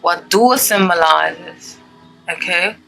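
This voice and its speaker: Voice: mid-range voice, slow pace, creaky, bright, forceful tone, soft background music, low-quality recording. A tarot reader in a casual, rambling style who keeps checking in with viewers by asking "okay?" and reads card meanings aloud between asides. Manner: chatty, rambling, many "okay?" check-ins.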